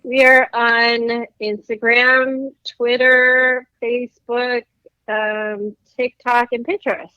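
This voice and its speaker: A woman's voice: a little high, flat delivery, slow, no room sound, muffled recording. A woman co-hosting a podcast with a sore throat while she recovers from an illness, reciting answers from memory. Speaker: podcast co-host. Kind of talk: casual podcast chat.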